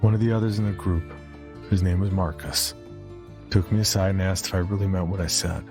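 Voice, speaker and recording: A man's voice: sits low, little pitch movement, brisk, over music. A man voicing a haunted, grieving mother who hitchhikes, speaking in urgent, clipped commands in a horror podcast narration. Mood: somber.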